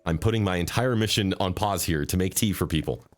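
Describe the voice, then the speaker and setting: A man's voice: deep voice, fairly quick, voice pushed down, lightly acted. A man voicing a grumpy former woman warrior turned reluctant tea shop keeper, blunt and irritated. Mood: stubborn.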